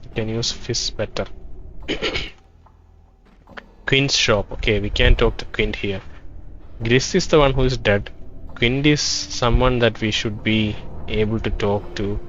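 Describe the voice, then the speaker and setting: A man playing a role-playing game, reading its text aloud and thinking out loud about what he finds. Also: lowish voice, fairly even intonation, slow, pauses often, lo-fi sound, a little hiss or hum. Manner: thinking aloud, reads dialogue in quoted turns. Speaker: let's play gamer.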